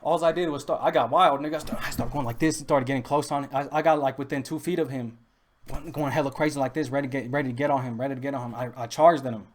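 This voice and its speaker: A man's voice: mid-range voice, steady tone, quick pace, slight background noise. Rambling guy telling stories. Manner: rambling, with restarts and profane street slang. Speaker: podcast host. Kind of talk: casual storytelling.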